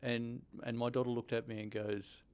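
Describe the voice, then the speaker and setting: A man's voice: mid-range voice, little pitch movement, normal speed, a little mellow, smooth. A man from Perth with an Australian accent, joking in a dry, easygoing way during casual chat. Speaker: podcast co-host.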